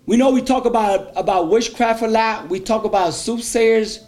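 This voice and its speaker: Fervent high-voiced male pastor preaching. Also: moderate pace, darkish tone. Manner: fervent, breaks into speaking in tongues; call-and-response with the congregation. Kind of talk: sermon.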